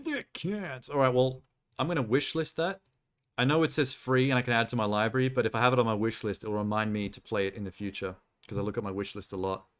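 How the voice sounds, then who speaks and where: A man's voice: mid-range voice, fairly even intonation, quick pace, fairly bright tone, clean tone. Crude joking young male streamer. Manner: joking, crude, rambling commentary. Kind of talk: casual live-stream chat.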